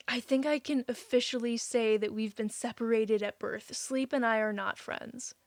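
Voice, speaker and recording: On her live stream, a young woman reads viewers' messages and chats casually, so emotional she's quick to announce she'll cry. Her voice is a little high and steady in tone; there's no room sound, just soft music in the background.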